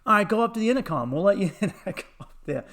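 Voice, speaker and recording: Man, comedian podcast host, high-pitched voice, swearing, laughing often, animated storytelling. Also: fast talker. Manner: profane, laughing, animated retelling with acted quotes.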